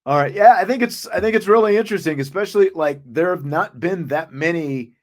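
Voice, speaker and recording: A man hosting a podcast in casual sports chat, relaxed and reading out viewer comments. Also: sits high, brisk. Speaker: podcast host.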